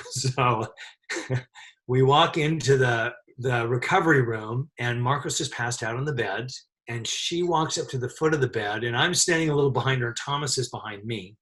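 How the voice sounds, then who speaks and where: A middle-aged man, a set dresser, telling a lively anecdote in an interview and laughing often as he talks. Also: mid-range voice.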